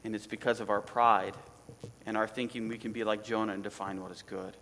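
A man preaching a sermon as pastor, animated and conversational, with asides to his listeners. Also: fairly low pitch, brisk, in a large hall, a little hiss or hum.

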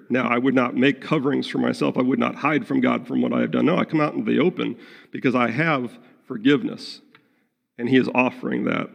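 Pastor guy preaching, gravelly voice, big hall reverb, earnest. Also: mid-range voice. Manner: earnest, acts out prayers and quotes in his own voice. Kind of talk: sermon. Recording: long reverb of a large hall.

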